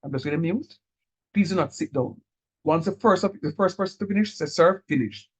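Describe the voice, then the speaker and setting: A man teaching a calculus class, encouraging his students and repeating key steps slowly so they follow. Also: sits high, breathy edge, low-quality recording. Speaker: calculus lecturer. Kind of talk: online math lecture.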